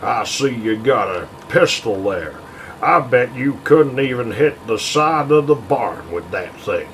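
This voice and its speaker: A man's voice: mid-range voice, animated, measured pace, a bit bright, slight background noise, low-quality recording. A man voicing blustering Old West cowboys from an old movie, in an exaggerated mock-tough drawl.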